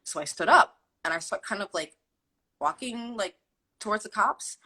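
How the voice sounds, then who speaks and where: A young adult woman telling a personal story in an interview, animated and quoting people as she goes. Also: fairly low pitch, slightly rough, low-quality recording. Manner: animated, acts out quotes with fillers like "like". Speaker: guest telling her story. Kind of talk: candid storytelling.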